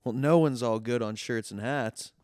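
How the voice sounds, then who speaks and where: A man voicing an aggressive, pushy male sales caller who taunts and shouts threats. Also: medium pitch, normal speed, no room sound, close to an everyday voice. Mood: taunting.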